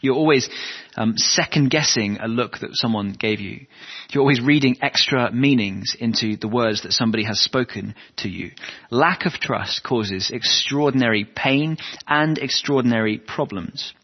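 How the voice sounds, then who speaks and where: A man's voice: mid-range voice, normal speed, husky. A man preaching a sermon, earnest and asking his listeners rhetorical questions. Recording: dull lo-fi sound with long hall reverb.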